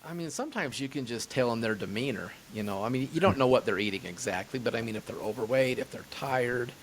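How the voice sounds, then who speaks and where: A man who works as a chiropractor, answering interview questions in a halting, casual way. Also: mid-range voice, a little hiss or hum. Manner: hesitant, lots of fillers and restarts. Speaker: chiropractor guest.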